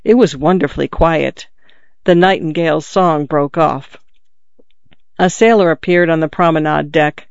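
Audiobook narrator, measured storytelling, smooth clear voice, dry slightly dull recording. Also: mid-range voice, no echo. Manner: measured, descriptive reading.

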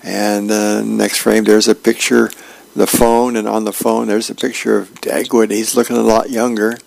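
Gravelly low-voiced man reading comics aloud. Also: level tone, slight background noise. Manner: plain, unhurried reading with fillers.

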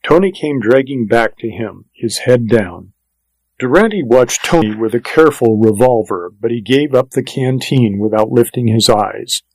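Steady male audiobook narrator. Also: medium pitch, unhurried, slightly rough, no echo, low-quality recording.

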